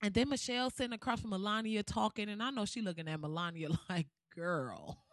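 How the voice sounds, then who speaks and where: A woman's voice: mid-range voice, fast, dry recording, studio quality. A woman ranting in a comedic, profane way, laughing often and acting out what people would say. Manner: animated, profane, laughs often, acts out quotes. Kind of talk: casual comedic rant.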